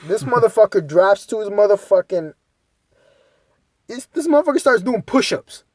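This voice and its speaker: A man's voice: sits high, animated, moderate pace, darkish tone, dry recording, studio quality. A young man co-hosting a podcast, rambling through a story in casual, profane talk. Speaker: podcast co-host.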